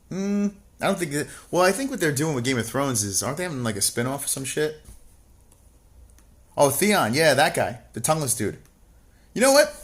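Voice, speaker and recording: A man with a mid-range voice co-hosts a casual livestream, reading chat and rambling about a TV show, cursing constantly and cracking mocking jokes.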